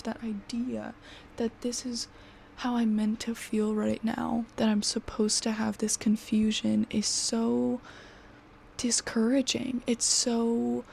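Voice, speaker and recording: A woman in her twenties venting to her camera, frustrated and exhausted, swearing and often sinking into a breathy half-whisper. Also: on the high side, a little mellow, slight background noise. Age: 20s. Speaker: vlogger.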